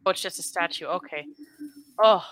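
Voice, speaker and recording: An excitable woman with a bright, forceful voice chats casually through a horror game, swearing freely. She talks like a podcast co-host reacting to every scare. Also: lowish voice, normal speed, slight background noise. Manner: excitable, swears freely, yells when chased. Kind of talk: casual gameplay chat.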